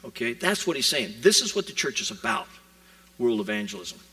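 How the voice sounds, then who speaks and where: A man's voice: mid-range voice, big pitch swings, brisk, vocal fry, bright, forceful tone, distant mic, rough recording. A man preaching a sermon in a conversational way, asking rhetorical questions and acting out quotes. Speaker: pastor.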